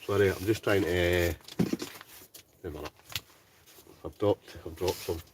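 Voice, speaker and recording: A man's voice: deep voice, fairly even intonation, unhurried, recorded from a distance, background noise. A Scottish man hosting a live stream from inside a hot tent, chatting casually and reading out viewer comments, often ending lines with "right?". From Scotland. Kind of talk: casual live-chat banter.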